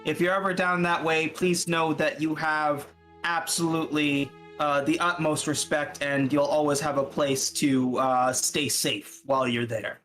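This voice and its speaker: A man from Canada playing in a tabletop game, talking in a friendly, halting way and repeating words. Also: on the high side, flat delivery, fairly bright tone, soft background music. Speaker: player. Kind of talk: casual chat.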